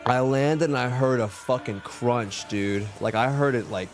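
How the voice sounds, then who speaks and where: A young man streaming live, telling a story casually, animated and full of profanity. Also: medium pitch, a little slow, soft background music. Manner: profane, animated, heated retelling.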